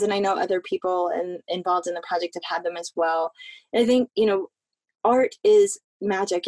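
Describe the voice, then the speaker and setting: Actress, female, Florida-raised, mid pitch; earnest, rambling interview talk, dry close mic. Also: a little mellow, no echo. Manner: rambling, earnest, many restarts. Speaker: actress guest. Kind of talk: casual interview conversation.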